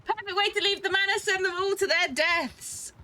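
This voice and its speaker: A woman's voice: very high-pitched, normal speed, pushed and bright. A woman with a posh British accent, giggly and theatrical in an in-character roleplay, drawing out her words. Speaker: streamer playing a roleplay character.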